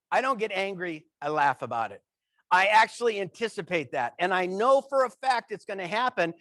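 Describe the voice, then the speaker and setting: A man giving a humorous keynote talk, telling anecdotes with an animated, playful delivery. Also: high voice, no room sound. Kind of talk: comic keynote storytelling.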